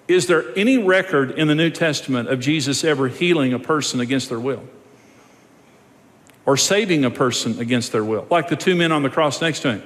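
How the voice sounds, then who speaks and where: A man's voice: a little high, big-room sound. A man preaching a sermon as pastor, in a conversational style that builds to emphatic points.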